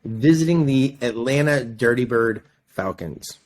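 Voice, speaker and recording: Man, sports podcast host, joking, casual banter, average pitch. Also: animated, a little slow. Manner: joking, runs through the game picks.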